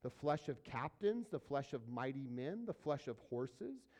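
A male pastor teaching a verse-by-verse sermon, casually asking his listeners questions and moving between quiet asides and louder emphatic passages. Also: medium pitch, big pitch swings, unhurried. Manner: conversational preaching, asks the audience questions, swings between soft and loud.

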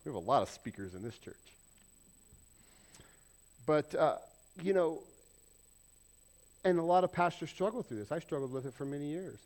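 A middle-aged male pastor preaching a relaxed, talky sermon in a church. His voice sits a little high for a man, and he fills it with self-deprecating asides and acted-out quotes. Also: normal speed, long pauses. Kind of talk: conversational sermon. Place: church sanctuary.

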